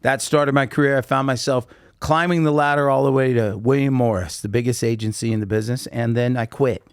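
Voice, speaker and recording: Animated man telling rambling stories. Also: medium pitch, a little fast, clear, resonant tone, no room sound, studio quality. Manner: rambling, animated anecdotes with many fillers. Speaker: podcast guest. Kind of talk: casual storytelling interview.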